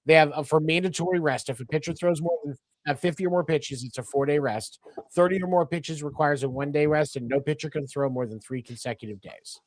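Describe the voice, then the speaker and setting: A man's voice: a little high, a little fast, dry recording. A man hosting a casual sports podcast, rambling along with lots of fillers and restarts. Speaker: podcast host.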